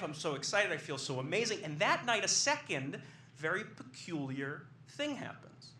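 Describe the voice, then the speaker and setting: A young man doing storytelling stand-up on a comedy club stage, excitable and animated as he acts out what people said. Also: high voice, moderate pace, noisy background. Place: small comedy club stage with live audience. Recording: roomy club sound with faint ambience.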